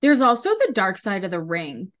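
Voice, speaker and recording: A woman co-hosting a casual pop culture chat, passing on gossip in an expressive, chatty way. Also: mid-range voice. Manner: gossipy, expressive, quick asides. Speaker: podcast co-host.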